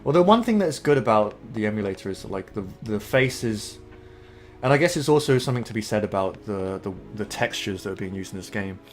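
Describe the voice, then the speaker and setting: A man's voice: fairly low pitch, lively intonation, brisk, soft background music. A young Englishman casually commenting while streaming a video game, rambling and laid-back with plenty of filler. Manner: rambling, laid-back, swears and laughs a lot. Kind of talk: let's play commentary.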